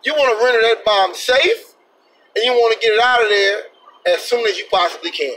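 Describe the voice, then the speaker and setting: A man's voice: high voice, a little fast, fairly bright tone, recorded from a distance, poor audio. A man vlogging an indignant, emphatic opinion rant with plenty of profanity. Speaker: vlogger, truck driver.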